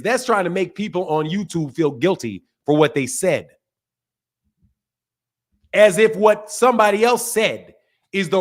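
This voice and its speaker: A man hosting a boxing channel stream, giving heated, mocking commentary with drawn-out emphasis. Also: high-pitched.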